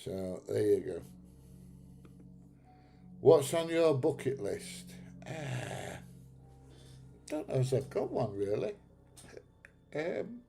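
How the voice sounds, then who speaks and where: A man's voice: medium pitch, creaky, warm tone. A man with a Northern English accent hosting a casual livestream, reading out comments in a blunt, chatty way and laughing often. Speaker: livestream host.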